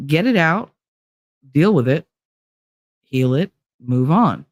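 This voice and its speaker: Slow and expressive, her low, slightly mellow voice carries the casual livestream she hosts, where she is blunt, profane and emotionally open about how she feels. The audio is studio clean with no room sound.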